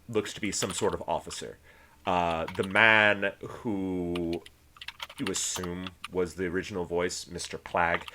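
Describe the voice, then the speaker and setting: A man narrating as game master of a tabletop game, in a relaxed, halting way. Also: deep voice, slight background noise.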